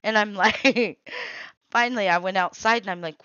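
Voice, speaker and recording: A woman's voice: mid-range voice, normal speed, pushed and bright, clear, resonant tone, dry recording, muffled recording. A woman hosting a casual crafting chat, a chatty storyteller who laughs often. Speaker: craft channel host.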